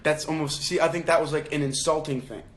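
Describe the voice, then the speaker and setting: A man's voice: a little high, fairly even intonation, fast, slight background noise. Young male book club host on a phone livestream. Casual, chatty, full of restarts. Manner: thinks aloud with many restarts and fillers; reads quoted lines in a raised acted voice.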